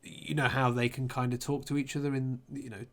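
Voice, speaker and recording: A man talks casually on a podcast in a mid-range voice. He rambles through his story, stops to restart his sentences, and fills the gaps with ums. His voice stays relaxed and conversational. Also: medium pitch, fairly quick. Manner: rambling, recounts game scenes with many ums and restarts. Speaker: podcast co-host. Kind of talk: casual chat.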